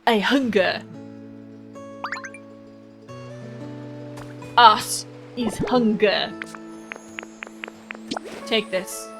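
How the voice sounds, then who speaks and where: Pompous hungry painter creature for a game playthrough, flowery and grand, wobbly fake french accent, woman voicing, higher voice, soft music behind. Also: poor audio.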